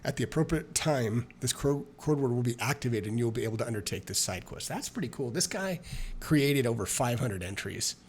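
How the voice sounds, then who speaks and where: Man narrating a solo adventure, mid-pitched gravelly voice, faint hiss, casual. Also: expressive, brisk. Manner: chatty, self-mocking asides. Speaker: solo tabletop game player and narrator. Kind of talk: reading an adventure book aloud with casual asides.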